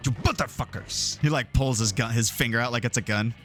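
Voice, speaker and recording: A man's voice: medium pitch, fairly even intonation, fast talker. A man doing casual let's-play commentary, chatty, swearing often and laughing. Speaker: streamer playing a game. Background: game music.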